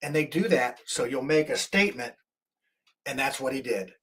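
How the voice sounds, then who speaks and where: A man's voice: medium pitch, normal speed, a bit bright, breathy edge. A man hosting a talk show, giving heated political commentary in an indignant, rambling way with many restarts.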